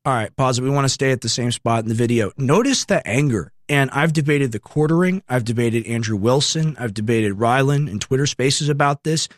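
A man's voice: mid-range voice, brisk, few pauses, no echo, clean studio sound. A young man in his twenties, hosting a radio show, delivering a political commentary monologue with emphatic, repeated rhetorical questions. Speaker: radio host.

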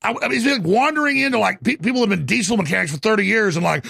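A middle-aged man hosting a radio talk show, ranting through an angry political monologue with bursts of shouting. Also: high-pitched, lively intonation, quick pace, hardly any pauses, no echo, studio quality. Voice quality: gravelly.

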